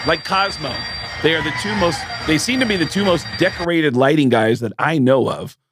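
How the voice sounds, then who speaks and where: A man co-hosting a podcast, telling animated stories with plenty of swearing and acted-out quotes. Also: a little high, moderate pace. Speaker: podcast co-host. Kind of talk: casual storytelling chat.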